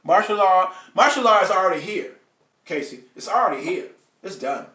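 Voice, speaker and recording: A man's voice: high voice, lively intonation, normal speed, bright, forceful tone, reverberant, distant mic. A man hosting a live online show, ranting bluntly and profanely to his viewers and calling out to them by name. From United States. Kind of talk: ranting live stream monologue.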